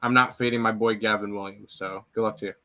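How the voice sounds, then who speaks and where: A man's voice: lowish voice, fairly even intonation, fast talker, pushed and bright. A man giving sports betting picks in casual chat, blunt, with frequent fillers.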